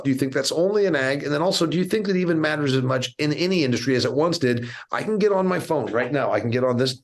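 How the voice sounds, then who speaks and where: A man hosts an interview podcast in a loose, conversational style. He tells stories and drops blunt asides, and his voice sits at an ordinary medium pitch. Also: vocal fry. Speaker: podcast host.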